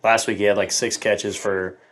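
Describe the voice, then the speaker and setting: A young man, a football coach appearing as a podcast guest, telling a story in a relaxed, laid-back way. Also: fairly low pitch, normal speed. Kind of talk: casual chat.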